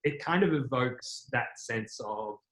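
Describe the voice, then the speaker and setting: A man's voice: mid-range voice, lively intonation, slow, a bit bright. Thoughtful man in an echoey room. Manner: thoughtful, reflective, frequent "like". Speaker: podcast co-host. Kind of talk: casual film review chat. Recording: roomy echo.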